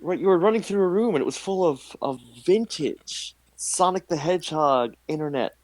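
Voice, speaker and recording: A man in casual livestream chat, lively, laughing easily and wandering off on tangents. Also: on the high side, normal speed, dry recording, rough recording. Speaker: co-host.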